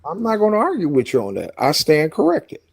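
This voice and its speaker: A man's voice: fairly high pitch, huge pitch swings, brisk, vocal fry, breathy edge. A man with a Chicago accent, a guest on a live stream, talking in a preachy way and repeating himself. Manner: preachy, repeats himself, says okay a lot. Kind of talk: casual live stream chat.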